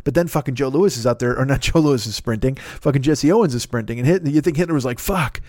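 A man's voice: mid-range voice, fast, a little mellow, no echo, studio quality. A man host riffing through a profane, rambling comedic monologue. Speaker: podcast host.

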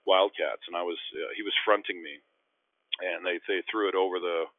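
Man, very deep voice, rambling self-deprecating anecdotes, tinny phone-like line. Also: steady tone, normal speed, dry recording. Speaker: podcast guest, former basketball player. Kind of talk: casual storytelling interview.

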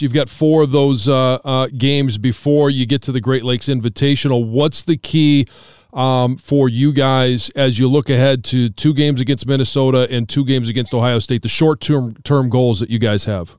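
A man's voice: medium pitch, fairly even intonation, normal speed, a little mellow, clear, resonant tone, no room sound, studio quality. A man hosting a sports podcast, interviewing a guest and signing off in a conversational way with some fillers. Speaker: podcast host. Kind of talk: interview and sign-off.

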